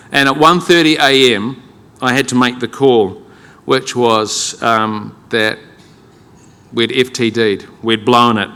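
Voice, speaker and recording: A middle-aged keynote speaker with a New Zealand accent tells a wry, self-deprecating personal story in a conversational, humorous way. His medium-pitched voice is smooth, pushed and bright, at a measured pace, with long reverb from the large conference hall and its audience.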